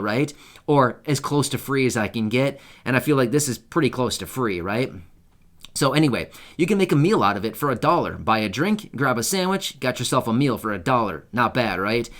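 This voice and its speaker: A man talks straight to his viewers in a loose, chatty way. His pitch sits in the middle of the male range. He keeps asking "right?" and scatters fillers through his sentences as he goes. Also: a bit bright. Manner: chatty and informal, many fillers and asides, checks in with "right?". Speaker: YouTube host covering benefits news. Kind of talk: casual talk to camera.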